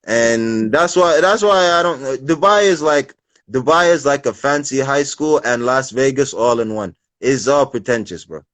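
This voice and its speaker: A man with English speech tinged with an American lilt, hosting a casual livestream chat and explaining things in an animated way with street slang, on a phone mic. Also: mid-range voice, moderate pace, dry recording. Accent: English with a slight American lilt. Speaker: livestream host.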